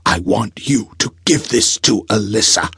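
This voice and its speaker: Guy doing a worn-out old professor in an audiobook, raspy gravelly voice, pitch swinging all over, short of breath. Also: lively intonation, a little slow, a bit bright, no room sound, studio quality, exaggerated voice. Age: older. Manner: labored breathing, urgent pleading. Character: dying old male professor, frail, grave.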